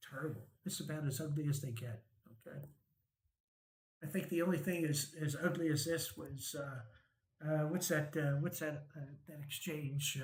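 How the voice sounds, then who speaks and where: A fairly high-pitched man hosts a market show, casually walking through charts and often asking "right?" or "okay?" with a wry chuckle. The sound is roomy, with a little hiss or hum, and the recording is rough overall.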